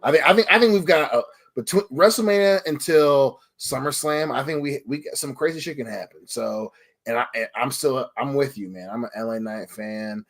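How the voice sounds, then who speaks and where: A man's voice: medium pitch, normal speed, a bit bright. A man co-hosting a podcast, upbeat in casual chat, often restarting his sentences. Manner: stumbling, repeated restarts, upbeat. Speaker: podcast co-host.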